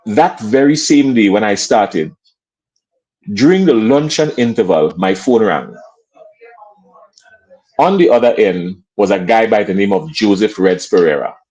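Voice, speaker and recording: A man's voice: lowish voice, a little slow, pauses often, dull audio. A man in his fifties with a Grenadian accent, a sports commentator telling stories as a guest on a talk show. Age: 50s. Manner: lively storyteller acting out quoted voices. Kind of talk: animated storytelling in an interview.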